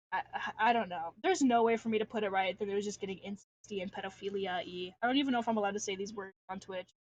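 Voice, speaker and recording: A woman's voice: medium pitch, highs cut off. A young adult woman chatting casually on a livestream while drawing, rambling and ranting with lots of filler and restarts. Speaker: artist streamer.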